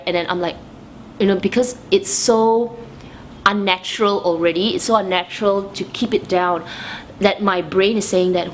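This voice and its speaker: A woman's voice: mid-range voice, slight background noise. A young adult woman talking candidly to camera in a vlog, with many restarts as she quotes her own inner voices. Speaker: vlogger answering viewer questions. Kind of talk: candid personal talk to camera.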